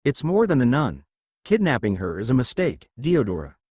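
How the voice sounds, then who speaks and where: A tired but steady male devil, played by a man, speaking in measured, thoughtful tones. The voice moves with lively pitch and sits dry and close. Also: husky, no room sound. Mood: weary calm. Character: calm, weary male devil, steady and restrained.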